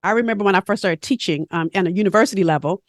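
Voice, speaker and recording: A woman guest on a podcast interview who coaches others, talking in an animated, emphatic storytelling way. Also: medium pitch, rapid-fire, dry recording, studio quality.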